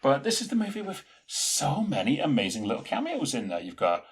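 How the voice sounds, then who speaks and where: A man's voice: mid-range voice, huge pitch swings, brisk, crowd noise. A man co-hosting a podcast in casual chat, rambling through film trivia. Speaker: podcast co-host.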